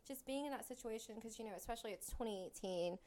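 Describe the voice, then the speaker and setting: A woman's voice: a little high, fast talker, darkish tone. A female guest telling a story in casual chat, acting out the dialogue she quotes. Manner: chatty, acts out quoted dialogue.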